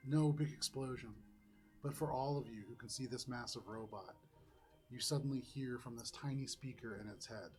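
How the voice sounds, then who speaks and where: A man running a tabletop game as game master, narrating scenes in a relaxed way with fillers. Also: medium pitch, moderate pace, faint music behind.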